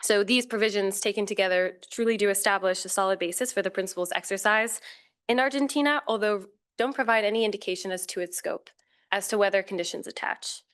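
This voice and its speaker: A woman giving a formal, measured academic talk as a conference panel speaker, with occasional fillers and self-corrections. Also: medium pitch, fairly bright tone, smooth.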